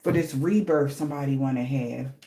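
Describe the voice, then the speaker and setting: A woman's voice: very deep voice, fairly quick, mellow, echoey room. A woman giving a casual spiritual reading, blunt and slangy, swearing freely for emphasis. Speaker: tarot reader.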